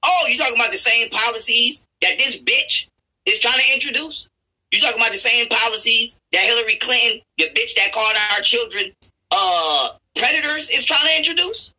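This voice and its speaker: A man YouTuber in an angry, profane rant, stammering and restarting his words and building up to shouts. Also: very high voice, moderate pace, poor audio. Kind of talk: angry ranting commentary over a played clip.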